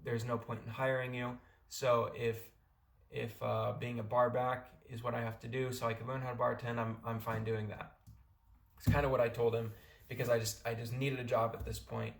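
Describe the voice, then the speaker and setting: A man's voice: mid-range voice, flat delivery, moderate pace, vocal fry, reverberant. A young American man from California giving casual, rambling advice in a vlog. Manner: rambling, many restarts and fillers. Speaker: vlogger.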